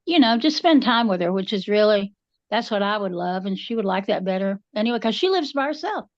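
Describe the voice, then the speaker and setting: A woman co-hosting a podcast swaps folksy family stories in casual chat, drawling and acting out the voices in her anecdotes. Her medium-pitched voice is animated and a little fast. There's no room sound, and the highs are cut off.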